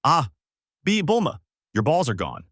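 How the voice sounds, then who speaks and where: A man's voice: mid-range voice, very animated, normal speed, fairly bright tone, dry recording, clean studio sound. A man voicing a cheerful, naive young male martial artist in a fan-made story reading. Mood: eager. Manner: eager and blunt.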